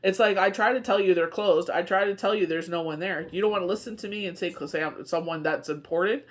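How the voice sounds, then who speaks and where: A woman's voice: on the low side, fast talker, few pauses. A woman from Canada, giving a casual spoken tarot reading in a rambling, chatty way, full of asides and fillers. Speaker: tarot card reader.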